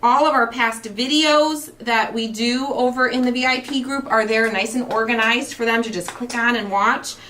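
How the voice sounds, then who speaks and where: A woman's voice: a little high, moderate pace, hardly any pauses, sharp tone, a little hiss or hum. A woman in her forties hosting a craft show, chatting casually and gushing with emotion. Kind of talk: casual livestream chat while crafting.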